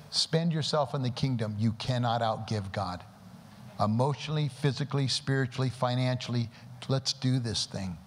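A man preaches to a congregation at a mid-pitched, ordinary register, praying aloud and pressing the room with rhetorical questions. His voice rings out into a long hall reverb. A faint background hum sits under it. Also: moderate pace. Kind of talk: sermon. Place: church service before a congregation.

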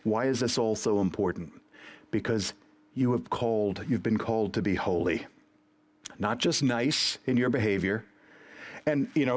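A man preaching a sermon to his congregation in an earnest, emphatic way. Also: mid-range voice. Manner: earnest, emphatic, breaks into acted prayers and quotes. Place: church service recorded for online stream.

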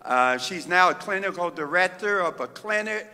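A middle-aged man from the Midwest, a pastor delivering a fervent sermon with drawn-out phrases and pauses in a church sanctuary. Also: high-pitched, expressive, bright, forceful tone, clean tone. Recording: reverberant church hall.

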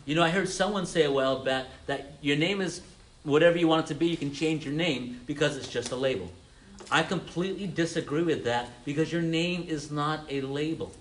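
A man's voice: on the high side, a little fast, a little hiss or hum. A man preaching an interactive sermon to a congregation, calling on listeners by name, repeating their answers, and often restarting his words. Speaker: pastor teaching a congregation.

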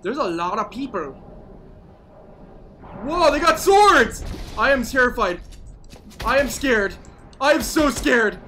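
A male gaming host giving live gameplay commentary, excitable, whooping and playfully taunting opponents. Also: extremely high pitch, takes it slowly, pauses often, a little hiss or hum.

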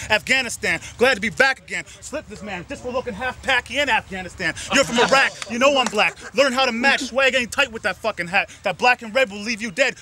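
A man's voice: very high-pitched, bright, forceful tone. A man in a freestyle rap battle, rhyming in an aggressive, taunting, profane way at an outdoor park event. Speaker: battle rapper.

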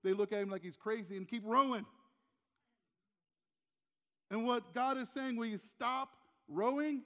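A man's voice: extremely high pitch, unhurried, long pauses, bright, forceful tone, big-room sound, lo-fi sound. An older man preaching a sermon as pastor in a church, talking in a conversational way, asking rhetorical questions and repeating key phrases. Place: church sanctuary.

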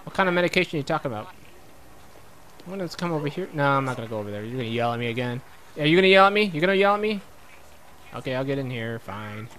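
A man's voice: mid-range voice, lively intonation, very fast, long pauses, a bit bright, slight background noise. A young man giving goofy, joking commentary over a video game, talking back to the characters and laughing often. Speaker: gaming let's-player. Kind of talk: comedic gameplay commentary.

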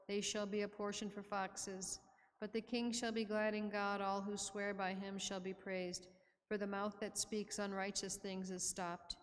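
A woman reading psalms aloud in a steady, measured liturgical recitation during a church service. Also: mid-range voice. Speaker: reader of psalms. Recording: long church reverb.

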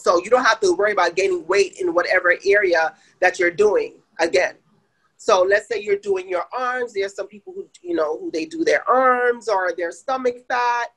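Husky woman with a light Jamaican accent. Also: fairly low pitch, a bit bright, poor audio. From Saint Andrew, Jamaica. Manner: explanatory, with many fillers. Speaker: guest, med spa owner. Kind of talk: casual interview answers.

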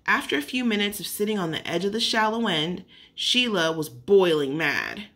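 A woman's voice: medium pitch, very animated, moderate pace, hardly any pauses, bright, forceful tone. A woman reading a children's story aloud, unpolished, with occasional slips and self-corrections. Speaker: narrator.

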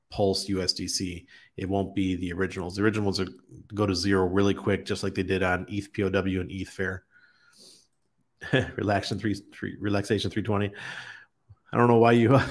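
A man hosting a casual livestream, chatting easily with viewers and chuckling often as he reads their comments. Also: lowish voice. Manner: relaxed, chuckles often, greets chat viewers by name. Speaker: crypto livestream host. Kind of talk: casual live-stream chat reading viewer comments.

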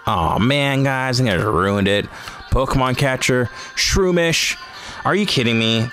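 A man's voice: medium pitch, gravelly, fairly bright tone. A man hosting a casual card-opening vlog, chatting and reacting aloud to each card he pulls. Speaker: host of a card-opening channel.

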